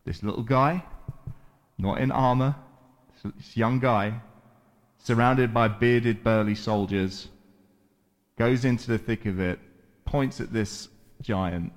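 Slow, animated male preacher. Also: mid-range voice. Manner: animated storytelling with dramatic pauses and voiced quotes; measured, deliberate delivery with repeated words. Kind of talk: sermon, retelling a Bible story.

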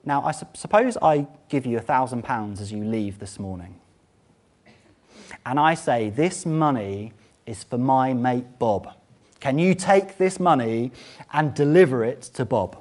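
A man's voice: expressive, measured pace, a little mellow. A man preaching a sermon in an earnest, explaining way, often asking rhetorical questions. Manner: rises and falls in pitch for emphasis.

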